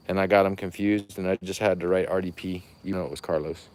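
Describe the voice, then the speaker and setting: Low-voiced man touring his nursery. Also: fairly even intonation, fast, few pauses, a little mellow. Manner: rambling, chatty, folksy. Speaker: rare fruit tree grower and seller. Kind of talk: casual walking tour, talking to viewers. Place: outdoor plant nursery at night.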